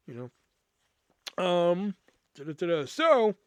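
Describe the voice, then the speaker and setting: A man's voice: on the high side, lively intonation, normal speed, clear, resonant tone, no echo, studio quality. A man hosting a podcast, telling a story in a casual, exasperated way, swearing freely and acting out what his coworkers said. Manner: profane, exasperated, acts out quoted coworkers. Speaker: podcast host.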